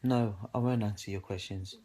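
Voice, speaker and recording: A British man speaking out on social media gives an aggrieved personal account to camera, indignantly recounting events and quoting himself again and again with "I go." His voice is fairly low, dark and a little breathy, with a steady tone and moderate pace.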